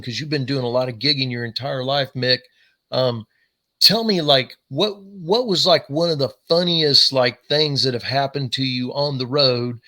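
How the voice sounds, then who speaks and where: A man's voice: medium pitch, sharp tone. A man hosting a casual podcast interview, asking questions and giving frequent short encouraging replies. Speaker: podcast host.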